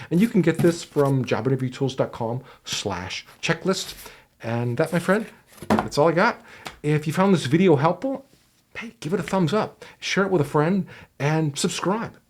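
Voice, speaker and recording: A man's voice: mid-range voice, slight background noise. A man giving job interview advice as a career coach, talking conversationally and emphatically to the camera. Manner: conversational, emphatic, with frequent fillers. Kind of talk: direct-to-camera advice video.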